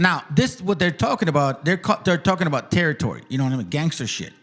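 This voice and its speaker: A man hosts a podcast in casual, blunt chat full of swearing. His voice sits a little high and swings widely in pitch as he reacts. He sounds animated and direct. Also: a little fast. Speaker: podcast host.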